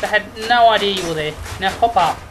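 A woman doing let's play commentary, excitable and trash-talking the enemies she fights. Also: mid-range voice, brisk, background noise. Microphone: headphones and desk mic. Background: game music.

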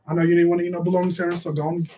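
A bossy, sassy mother who snaps at her kids between shout-outs, as a man puts her on in a high voice. She talks brash and quick to scold, hosting a comic live stream from a bedroom. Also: a little hiss or hum, lightly acted. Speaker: live stream host reading donations. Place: bedroom at home.

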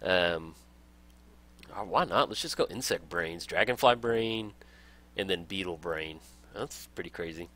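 A man's voice: deep voice, unhurried, long pauses, fairly bright tone. A young man casually talking through a strategy game as a let's play host, upbeat and enthusiastic, laughing often. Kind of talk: casual game tutorial commentary.

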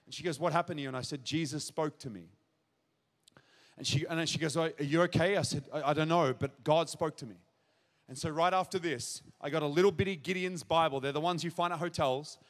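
A man preaching his testimony to a congregation, acting out conversations and building to shouted exclamations. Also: a little high, fairly quick. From Australia. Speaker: pastor. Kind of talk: testimony sermon to a live congregation. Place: large church hall at a revival event. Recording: live hall reverb.

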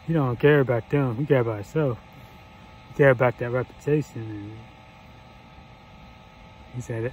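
A man's voice: mid-range voice, normal speed, long pauses, a little mellow, slight background noise, low-quality recording. A man hosting a casual reaction vlog, laid-back and slangy, laughing often. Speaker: reaction channel host.

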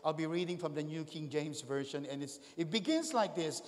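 A male pastor preaching a sermon in a high, animated voice. He swings between loud, ringing calls and hushed asides to the congregation. The sound carries long reverb from a large church hall. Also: a little fast.

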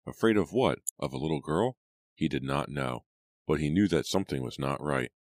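एक आदमी, बहुत गहरी आवाज़ में ऑडियोबुक सुनाता हुआ, सूखी, बिना गूँज की रिकॉर्डिंग।. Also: male voice, extremely low pitch, dry recording, studio quality. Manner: steady, measured storytelling. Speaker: audiobook narrator. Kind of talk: scripted narration.

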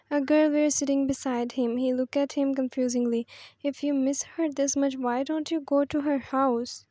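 A woman's voice: sits high, fairly even intonation, normal speed, warm tone, no room sound. A woman reading a fan story aloud in a plain way, with small slips. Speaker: story reader.

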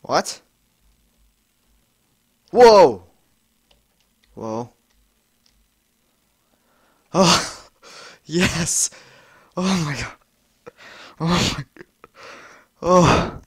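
A young man commenting on a frustrating video game he is playing, exasperated, swearing and yelling at it. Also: a little high, animated, drawn-out words, long pauses, breathy edge, dry recording, studio quality. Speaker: gamer. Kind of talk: frustrated let's-play commentary.

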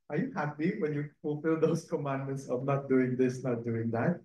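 A man's voice: on the high side, normal speed. A male priest with a Filipino English accent giving a conversational sermon, full of laughing asides and "no?" tag questions. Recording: echoey room.

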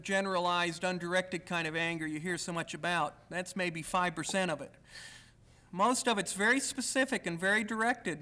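A man's voice: high voice, sharp tone. A man giving a university lecture, speaking candidly in the first person and at times reading aloud from his own writing.

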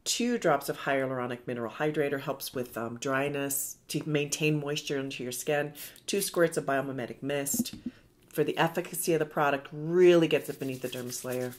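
A woman's voice: rumbling low, fairly even intonation, moderate pace, slight background noise. A middle-aged woman hosting a makeup tutorial, chatting in a rambling, self-deprecating way as she works. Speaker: beauty vlogger.

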